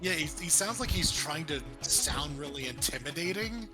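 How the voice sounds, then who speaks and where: A man's voice: on the high side, expressive, normal speed, music in the background. A man co-hosting a casual film review chat, laid-back and joking, swearing now and then. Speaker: podcast co-host.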